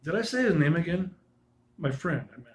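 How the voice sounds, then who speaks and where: A man's voice: fairly high pitch, lively intonation, fairly quick, low-quality recording. A man casually telling a spooky personal story, rambling and full of asides and restarts.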